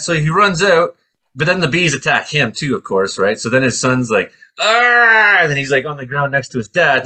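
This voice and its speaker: A man in casual chat, telling an animated story and acting out quoted voices with high yelps. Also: breathy edge.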